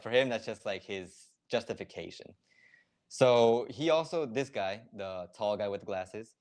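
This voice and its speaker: Low-voiced man chatting on a live stream. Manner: chatty, explains words step by step with many fillers. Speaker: streamer explaining slang. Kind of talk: casual live-stream reaction chat.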